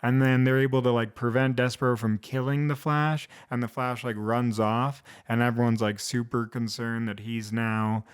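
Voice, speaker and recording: Smooth-voiced man rambling casually. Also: medium pitch. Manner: rambling, heavy use of "like", restarts. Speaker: vlog host. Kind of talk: casual one-take TV episode recap.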